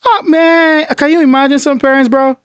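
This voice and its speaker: High-voiced emphatic man reacting, dry sound. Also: steady tone, normal speed, dry recording, dull audio. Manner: emphatic, indignant, lots of "bro". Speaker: reaction video host. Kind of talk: casual reaction commentary.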